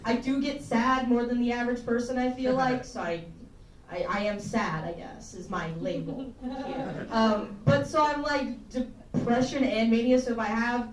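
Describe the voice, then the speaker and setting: Young woman from tennessee rambling thru a standup set, kinda high voice, roomy far-off mic, faint room noise. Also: steady tone, moderate pace. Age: young adult. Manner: rambling, self-deprecating, swears often. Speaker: stand-up comedian. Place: small campus comedy room, live audience. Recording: roomy, mic picked up from a distance with faint ambience.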